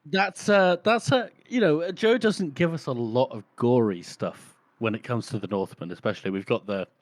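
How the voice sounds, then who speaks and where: A podcast co-host in casual book chat, reflective, with swearing and fillers. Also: male voice, medium pitch, moderate pace, no room sound.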